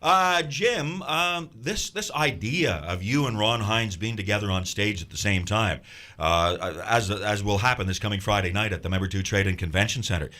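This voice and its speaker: A man's voice: on the low side, moderate pace, sharp tone. A man hosting a casual radio interview and chatting in friendly banter with his guest. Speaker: radio host. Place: radio studio.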